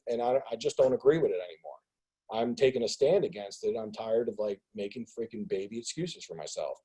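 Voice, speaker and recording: A man hosting a business group call on a video call, talking casually in an animated rant. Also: medium pitch, fairly quick, slightly rough, poor audio. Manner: animated ranting, acts out others' voices. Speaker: host of a business mastermind call.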